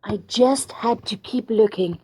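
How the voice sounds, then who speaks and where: A woman's voice: a little high, a little slow, a little mellow, breathy edge, low-quality recording. A woman voicing a young female game heroine, narrating with dry, sardonic asides.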